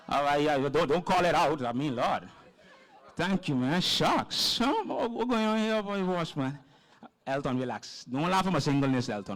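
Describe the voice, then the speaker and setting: A man's voice: high-pitched, expressive, moderate pace, a bit bright. A man hosting a live poetry night, joking and teasing the crowd between acts. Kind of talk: live event hosting banter.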